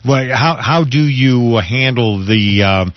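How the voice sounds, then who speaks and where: A man's voice: mid-range voice, slow pace, no echo, highs cut off. A man co-hosting a radio show, asking a question hesitantly and searching for words. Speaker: radio co-host. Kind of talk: radio interview.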